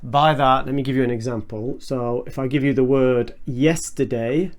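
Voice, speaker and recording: A man's voice: medium pitch, fairly even intonation. Man explaining an English lesson step by step. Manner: measured, explains step by step with spoken examples. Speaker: English teacher.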